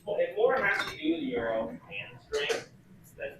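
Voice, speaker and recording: A man trading dry, deadpan teasing with the cook in a home kitchen, away from the mic. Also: very high-pitched, moderate pace, vocal fry. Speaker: cooking companion. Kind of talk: casual banter. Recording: distant, echoey, noisy kitchen pickup.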